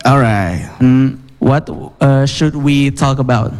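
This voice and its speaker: A man's voice: mid-range voice, slow, a little mellow. A man hosting a live English class, playful and joking with the room. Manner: playful, switches between teaching and joking.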